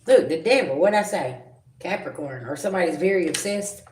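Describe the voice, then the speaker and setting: A woman giving a livestream tarot reading, blunt and confrontational, with slangy talk and sharp comebacks to her viewers. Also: lowish voice, expressive, a little fast. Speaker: tarot reader. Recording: echoey room with loud background noise.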